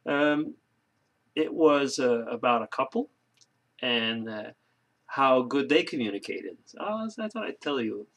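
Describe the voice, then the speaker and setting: A man's voice: mid-range voice, lively intonation, unhurried, a bit bright. A man chatting casually to his camera for a video blog, rambling through a joke with lots of fillers and restarts. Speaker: video blogger. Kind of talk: casual vlog chat.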